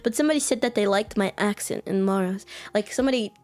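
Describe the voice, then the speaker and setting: A woman's voice: mid-range voice, quick pace, a little mellow. A woman with an American accent chatting casually with her live chat as a streamer, giggling often and saying "like" a lot. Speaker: VTuber streamer.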